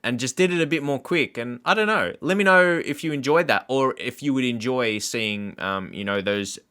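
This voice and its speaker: A man talks through his game in loose, rambling commentary, laughing often between thoughts. His voice has a bright, forward edge that stays even in tone. He speaks directly to his viewers like a regular channel host. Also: medium pitch, normal speed, clear, resonant tone. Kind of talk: casual gameplay commentary.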